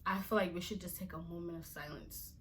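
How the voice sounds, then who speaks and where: A woman's voice: lowish voice, steady tone, fairly quick, fairly bright tone, slight background noise. A young woman from Africa, a vlogger talking straight to camera in an exasperated, emphatic rant that sometimes drops to a whisper. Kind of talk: casual vlog rant to camera.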